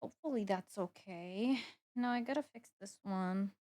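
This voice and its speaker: A woman's voice: mid-range voice, moderate pace, dark tone. A young woman streaming live, chatting casually as she works and playfully scolding her cat. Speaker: VTuber streamer. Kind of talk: casual livestream chat.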